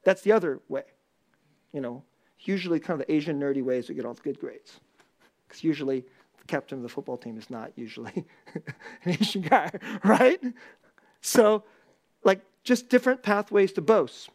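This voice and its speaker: A man's voice: animated, moderate pace, pauses often. Intense laughing male pastor preaching. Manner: intense, laughs often, jumps from low asides to loud high bursts. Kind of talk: sermon.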